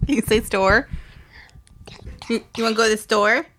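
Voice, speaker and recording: A woman's voice: on the high side, moderate pace, fairly bright tone. A woman in a casual home recording, playfully prompting a toddler to repeat words into her own microphone.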